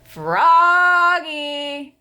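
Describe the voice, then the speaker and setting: A woman voicing a patient mother frog in a storybook, calling out and gently scolding her son. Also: medium pitch, very animated, normal speed.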